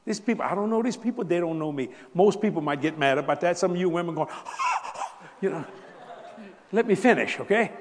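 Animated preacher man in a reverberant hall. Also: sits high, fairly quick, slight background noise. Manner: animated, shifts from soft asides to loud bursts. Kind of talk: sermon storytelling.

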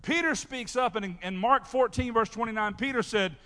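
A man preaching a sermon as pastor, talking straight to his congregation in an animated way. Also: very high-pitched, a little fast. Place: church sanctuary. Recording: long reverb of a large hall.

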